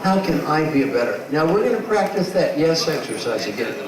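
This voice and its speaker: A man giving a motivational talk as a leadership coach. He is animated, acts out quotes and asks the crowd rhetorical questions. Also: a little high, a little fast. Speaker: leadership coach speaking to an audience. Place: large hall with a live audience. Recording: echoey hall, far from the mic, noisy.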